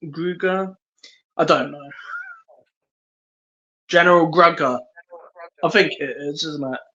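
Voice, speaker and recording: A man's voice: on the high side, fairly even intonation, a little slow, pushed and bright, highs cut off. A man co-hosting a podcast, reading out trivia in a hesitant, casual way. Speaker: podcast co-host. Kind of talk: casual chat.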